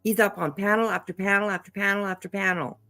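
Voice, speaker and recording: A woman's voice: medium pitch, steady tone, quick pace, pushed and bright, faint music behind. A woman hosting a livestream, reacting to clips in casual commentary, blunt and profane and laughing often. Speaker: livestream host.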